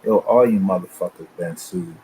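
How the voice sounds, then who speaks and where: A man's voice: deep voice, normal speed, mellow, slight background noise, rough recording. A man hosting his channel, talking loosely and profanely in a confrontational rant to his viewers. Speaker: channel host.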